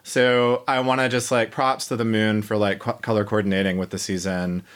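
A man's voice: fairly low pitch, flat delivery, normal speed, fairly bright tone, clear, resonant tone. A man co-hosting a podcast as its editor, playful and giggly, with lots of fillers. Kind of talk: casual chat. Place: New York.

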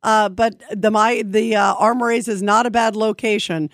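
A woman's voice: medium pitch, steady tone, normal speed, dry recording, studio quality. A woman hosting a call-in radio talk show, chatting with callers in a conversational way with plenty of fillers. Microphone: studio microphone.

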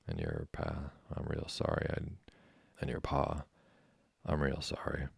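A man voicing a dry, plainspoken old fishing-schooner captain with an unhurried, folksy way of talking. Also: very deep voice, very animated, creaky, husky, no room sound, full character voice.

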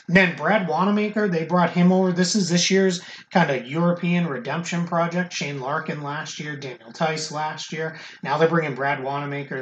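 A man's voice: on the high side, fairly bright tone, a little hiss or hum. Chatty male podcast host. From Boston area. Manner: loose, conversational with restarts. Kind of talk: casual podcast talk.

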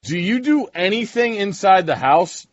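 A man's voice: high voice, animated, no room sound, lo-fi sound. A man co-hosting a casual podcast chat, teasing and rattling off tips. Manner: teasing, gives rapid tips. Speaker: podcast co-host.

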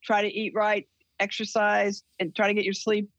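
An older woman speaks as a guest, her gravelly, husky voice winding through stories with many restarts. The sound is dry and dull, like a lo-fi recording. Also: mid-range voice, normal speed, no room sound. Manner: rambling, with restarts and animated retellings. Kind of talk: casual interview storytelling.

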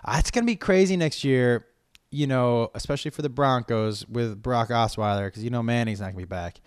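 A man's voice: medium pitch, brisk, smooth, no room sound, studio quality. A middle-aged man from Massachusetts hosting a comedy podcast, rambling with profanity, repeating phrases for emphasis and drawing out his vowels. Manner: holds on to vowels. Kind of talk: casual podcast chat, reading listener questions.

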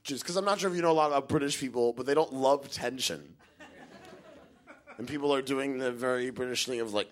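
A man telling a comic story on stage, animated and acting out the people he meets. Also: medium pitch, brisk. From United States. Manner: animated, acts out the people in his story with big voices. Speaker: stand-up comedian.

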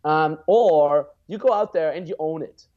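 A young man in his twenties speaks as a guest coach, his voice sitting a bit high for a man. He talks bluntly and swears freely. The sound comes through slightly dull and lo-fi. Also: brisk, a little mellow. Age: 20s. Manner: blunt and profane, freely acts out example lines. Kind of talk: casual podcast chat.

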